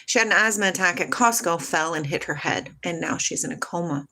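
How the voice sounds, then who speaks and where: A woman's voice: fairly low pitch, a little fast, bright, forceful tone. A woman telling a personal story to her live chat, rambling and emotional, swearing, losing her train of thought and starting over.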